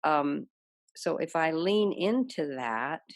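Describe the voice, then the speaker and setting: A woman's voice: low-pitched, animated, slow pace, no room sound. A woman on a video call, hesitantly asking the teacher a question. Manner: hesitant, searching.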